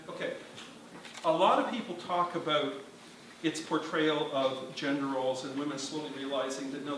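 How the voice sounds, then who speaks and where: In a very echoey large hall, a distant mic records a man with a fairly high, slightly bright voice giving a live conference talk, with a little hiss or hum. Before the audience he's emphatic and wry, often quizzing them.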